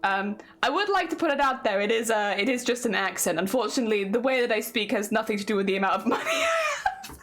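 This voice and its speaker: A woman's voice: on the high side, animated, fast, fairly bright tone, a little hiss or hum. A young woman with a southern English accent, chatting casually with viewers on a stream and laughing often. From southern England. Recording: faint music behind.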